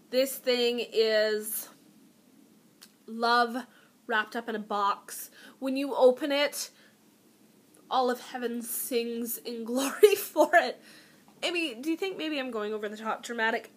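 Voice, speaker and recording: A woman's voice: a little high, a bit bright. A young woman beauty vlogger chatting to camera at home, telling a self-mocking story with lots of giggles and dramatic asides. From Canada. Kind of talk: casual haul storytelling to camera.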